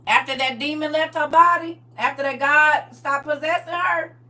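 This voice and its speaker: A woman's voice: sits high, moderate pace, sharp tone. A woman preaching a conversational sermon, often asking the congregation questions and waiting for their answers. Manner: conversational, call-and-response with congregation. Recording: voice from far off the mic.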